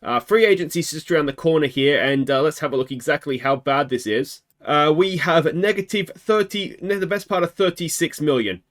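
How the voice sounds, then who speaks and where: An Australian man in casual game commentary, talking things through in a chatty, wry way. His voice sits a little higher than most men's, and he fills pauses as he weighs each choice. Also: fairly bright tone. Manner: chatty, thinking aloud, frequent fillers and wry asides. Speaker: gaming video host.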